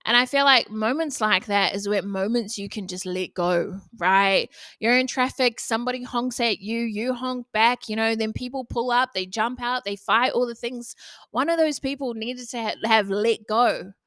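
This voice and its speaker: A woman's voice: on the high side, moderate pace, fairly bright tone, no room sound, studio quality. Blunt, chatty young woman podcaster. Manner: blunt, frequent swearing, chatty. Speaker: podcast host. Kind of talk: casual solo podcast monologue.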